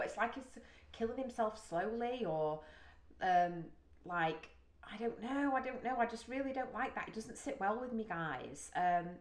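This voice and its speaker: A British woman from the UK hosting a music reaction, talking casually and emotionally, thinking aloud with gasps and sighs. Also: mid-range voice. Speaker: music reaction video host. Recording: roomy echo.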